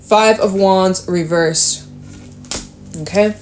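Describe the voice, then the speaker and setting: A young woman doing a casual tarot reading, chatty and thinking out loud with sudden exclamations. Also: mid-range voice, slow. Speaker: tarot reader.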